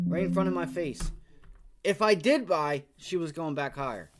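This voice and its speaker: A man's voice: a little high, lively intonation, moderate pace. A young man giving live trading commentary on a stream, frustrated, swearing and repeating his exclamations. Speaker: day trader streaming live.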